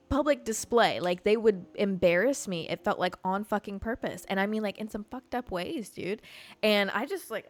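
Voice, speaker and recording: A young adult woman hosting a podcast, casually telling personal stories to her stream audience in a chatty, profane way, full of "like". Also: medium pitch. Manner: chatty and profane, heavy use of "like". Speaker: podcast host.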